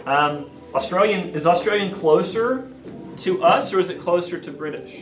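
A man from Virginia with a Southern accent, giving a lively classroom lecture and asking his audience questions. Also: high-pitched, moderate pace, noisy background. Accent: Southern US, Appalachian Virginia. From Grayson County, Virginia, USA. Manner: energetic, asks the audience questions often. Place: lecture room. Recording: echoey room, mic from a distance.

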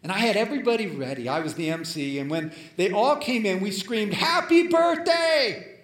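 A male preacher telling a story in a sermon, dramatic and swinging between loud and hushed. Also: on the high side, very animated, fast. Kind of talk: sermon storytelling, reading a letter aloud. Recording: echoey room.

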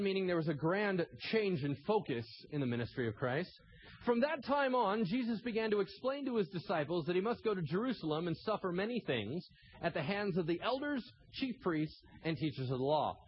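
A man preaching a sermon as pastor, animated, acting out scenes with sudden shouted asides. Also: high voice, brisk, highs cut off, a little hiss or hum.

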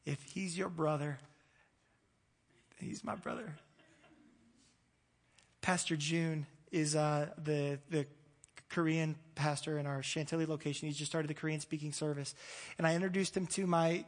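Male pastor, thirties, high voice, casual sermon delivery with jokes and restarts, long church-hall reverb. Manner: conversational, self-deprecating humor with frequent restarts.

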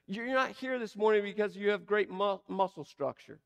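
A man preaching a sermon, asking emphatic rhetorical questions and slowing down to stress key words. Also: sits high, gravelly, fairly bright tone, clear, resonant tone. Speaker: pastor.

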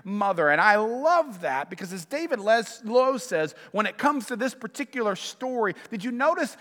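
A man preaching a sermon as pastor, telling stories in an animated, emphatic way. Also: sits high, moderate pace. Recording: long church reverb.

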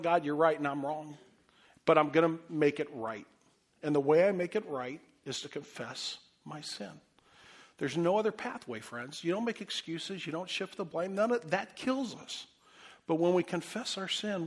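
A middle-aged male pastor preaching with a voice a little higher than most men's. He tells his story with self-deprecating humor, then drops to a soft, earnest tone. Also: breathy edge. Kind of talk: sermon.

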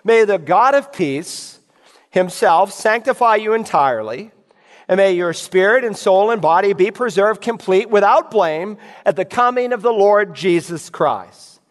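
Reading scripture aloud, a pastor preaches an expository sermon in an expressive voice at a measured pace, directing his listeners with emphatic, teacherly insistence. His voice is high for a man, and it rings out with a long reverb, as though in a large church sanctuary.

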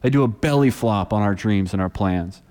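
A long reverb tail follows the low-ish voice of this pastor, who speaks at a normal speed. The man, in his thirties, preaches through storytelling, dramatizing the people involved and voicing their quotes with animation.

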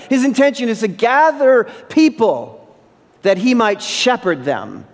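High-voiced man preaching in a reverberant hall. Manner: emphatic, repeats phrases for stress. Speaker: pastor. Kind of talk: sermon. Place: church sanctuary.

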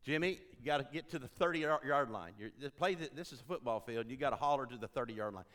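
A man's voice: mid-range voice, lively intonation, fast talker, fairly bright tone. A man from Tennessee speaking in a church as an interim ministry consultant, folksy and joking, repeating phrases for emphasis. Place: church sanctuary.

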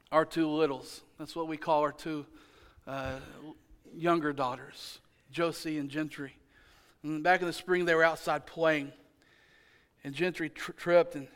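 A pastor, preaching a sermon in a church and telling a family story with humorous asides. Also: male voice, a little high, fairly bright tone, clean tone. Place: church sanctuary.

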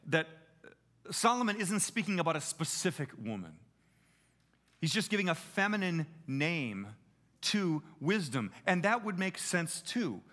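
A middle-aged man preaching a sermon in an emphatic way, often slowing down for stress. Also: fairly high pitch. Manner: animated, emphatic, shifting pace.

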